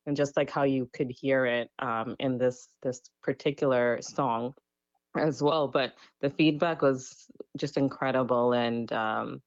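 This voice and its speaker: A woman from Canada, a DJ and musician guest, speaking reflectively on a radio interview with many pauses and fillers. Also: rumbling low, fairly even intonation, dry recording, dull audio.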